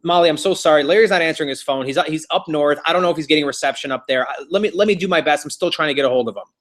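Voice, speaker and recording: A man voicing a flustered, apologetic female real estate receptionist, speaking in a hurried way. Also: a little high, a bit bright, natural voice.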